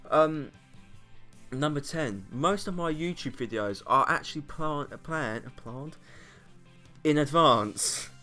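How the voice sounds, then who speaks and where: Rambling young British YouTuber. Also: male voice, on the high side, expressive, slow pace, bright, forceful tone, faint music behind. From Britain. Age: young adult. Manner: rambling, self-mocking, frequent laughs and fillers. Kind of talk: casual vlog monologue.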